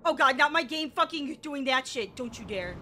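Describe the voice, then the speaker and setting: A woman streamer giving excitable live gameplay commentary, exclaiming and swearing freely. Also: high-pitched, moderate pace. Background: game music.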